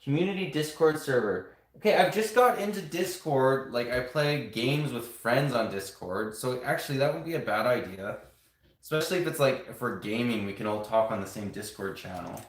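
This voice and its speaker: A man's voice: mid-range voice, lively intonation, moderate pace, a bit bright. Chatty man live-streaming in an echoey room. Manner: rambling, chatty, talks to viewers while building. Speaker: toy building streamer. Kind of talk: casual live stream chat. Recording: roomy home room echo.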